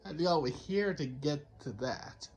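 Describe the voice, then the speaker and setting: A man giving excitable let's play commentary, laughing and scolding himself often. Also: a little high, a little fast, a little hiss or hum. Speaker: gamer.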